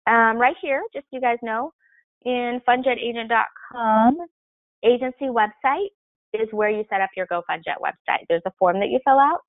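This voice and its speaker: A woman's voice: on the high side, normal speed, dry recording. Helpful woman presenter on a tinny line. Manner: clear, helpful, explanatory. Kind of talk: webinar Q&A explanation. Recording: tinny phone-line sound, dry.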